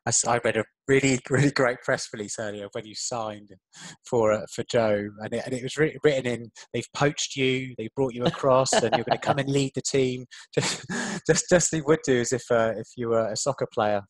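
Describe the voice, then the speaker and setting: A man's voice: medium pitch, brisk, no room sound, rough recording. A man hosting a casual interview podcast, asking friendly questions that stumble over repeated words. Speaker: podcast host.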